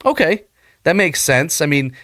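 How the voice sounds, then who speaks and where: A man's voice: on the high side, very animated, unhurried, a bit bright, dry recording, studio quality. A man hosting a casual reaction video, upbeat and talking straight to his viewers. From United States.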